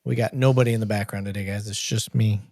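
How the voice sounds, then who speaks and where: A man's voice: lowish voice, fairly even intonation, fast, darkish tone, no echo, studio quality. A man hosting a livestream, talking casually and reading viewer comments aloud. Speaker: podcast host. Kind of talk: livestream chat.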